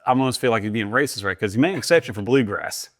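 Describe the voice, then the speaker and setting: A man's voice: mid-range voice, expressive, rapid-fire, fairly bright tone. A man co-hosting a casual movie-review podcast, joking around and leaning on "you know what I'm saying.". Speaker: podcast co-host.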